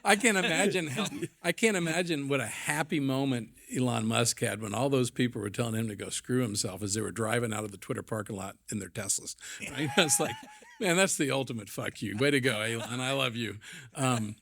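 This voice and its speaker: A man's voice: mid-range voice, a little fast, gravelly, fairly bright tone. A man in his forties, a podcast guest and business owner, telling his story candidly in a rambling, blunt and profane way, full of fillers.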